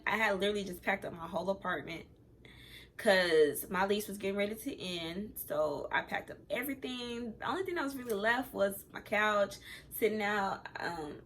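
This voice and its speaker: A young adult woman telling a casual, rambling storytime, acting out the things people said. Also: medium pitch. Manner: rambling, animated retelling that acts out quoted dialogue. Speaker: vlogger.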